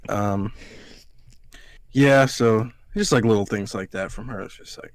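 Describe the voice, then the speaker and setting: A man's voice: mid-range voice, expressive, fairly quick, no room sound. A man hosting a podcast, telling a rambling story in casual chat, swearing freely. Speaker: podcast host.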